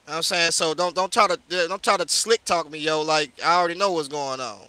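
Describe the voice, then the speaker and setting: A high, piercing male voice, recorded dry and close with no room sound. He is a preacher from St. Louis, berating someone in a heated, confrontational rant with lots of repetition. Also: fast talker, bright, forceful tone, no echo. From St. Louis, USA. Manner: confrontational and scolding, repeats "yo" and "you know what I'm saying". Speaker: street preacher hosting a live discussion.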